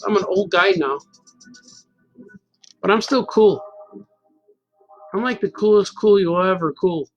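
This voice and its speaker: A man's voice: sits high, unhurried, lo-fi sound, faint music behind. A man in his fifties telling a rambling, self-mocking story in a casual chat as a cartoonist host. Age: 50s. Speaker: cartoonist hosting a stream.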